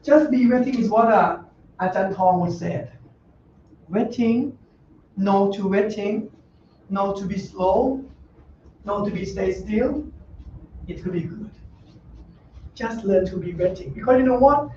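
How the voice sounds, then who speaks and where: This is an informal dharma talk from a monk teaching a Dhamma class in a meditation center hall. His male voice is high yet darkish in tone, unhurried and full of long pauses, and he jokes bluntly in broken English, often laughing. A dull, distant mic captures roomy sound and faint noise.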